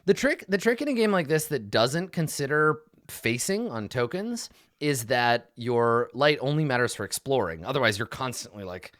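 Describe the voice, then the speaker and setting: A man narrating as game master in a tabletop game, animated and laughing, with frequent fillers. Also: mid-range voice, moderate pace, dry recording, studio quality.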